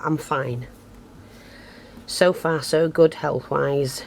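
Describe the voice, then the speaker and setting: A woman with a very deep voice and some vocal fry walks through a casual craft tutorial in a steady, unhurried tone. She's chatty and self-deprecating, thinking aloud near the camera. It sits close to her hands and picks up her breathing, plus a little hiss or hum.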